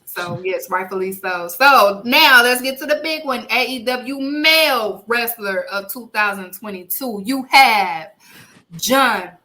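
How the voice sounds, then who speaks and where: A woman's voice: fairly high pitch, unhurried, pushed and bright. A young woman hosting a podcast, announcing award winners in playful, casual chat. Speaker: podcast host.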